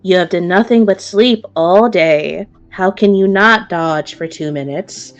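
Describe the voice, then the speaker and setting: A woman voicing a hulking male minotaur who scolds in a slow, deadpan, sighing way. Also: on the low side, dull audio, soft background music. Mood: weary.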